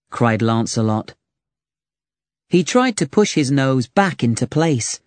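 A narrator reading a children's storybook aloud with slow, expressive delivery. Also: mid-range voice, no echo.

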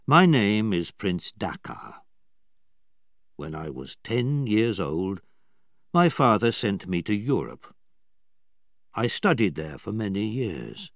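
A man voicing a proud old submarine captain who is dying, speaking slowly, firmly and gravely. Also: fairly low pitch, dry recording, studio quality, full character voice. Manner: slow, firm and grave.

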